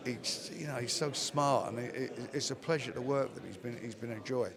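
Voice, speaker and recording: With crowd chatter in the background, an older man who promotes boxing talks plainly after a fight. His mid-range voice moves a little quickly, and he leans on repeated phrases to stress his points.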